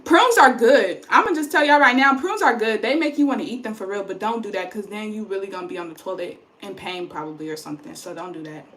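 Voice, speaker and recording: In a fast, bright-ish mid-range voice with hardly any pauses, a young woman rambles to her phone about her pregnancy. It's a casual, chatty to-camera vlog, she sounds tired, and the audio has a roomy echo.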